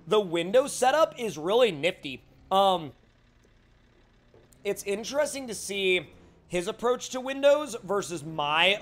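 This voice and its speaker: A young male streamer talks casually over his gameplay, reading out chat messages and answering them. His voice sits fairly high for a man. The talk is loose and chatty, full of fillers. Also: a bit bright. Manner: chatty, reads chat aloud, many fillers. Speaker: gaming livestreamer. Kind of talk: casual live gameplay commentary.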